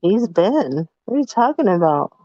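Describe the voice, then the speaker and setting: A woman co-hosting a casual live podcast, relaxed and trailing off with fillers. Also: lowish voice, moderate pace, dry recording, dull audio. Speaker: podcast co-host.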